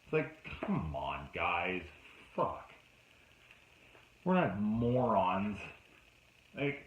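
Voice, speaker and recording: A man's voice: on the low side, wildly swooping pitch, very slow, pauses often. Man, film reviewer, exasperated rant, lots of swearing, dull lo-fi sound, echoey room. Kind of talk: casual ranting review.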